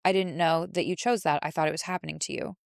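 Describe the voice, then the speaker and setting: A woman's voice: on the low side, fairly even intonation, fast, creaky, no echo, studio quality. A woman voicing her own inner shame part, speaking plainly and earnestly about feeling hurt and wary.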